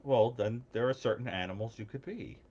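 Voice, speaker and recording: A man's voice: mid-range voice, a little fast, a little mellow, lo-fi sound. A man chatting playfully on a call-in show, teasing the caller and laughing easily. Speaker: podcast guest. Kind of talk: casual call-in chat.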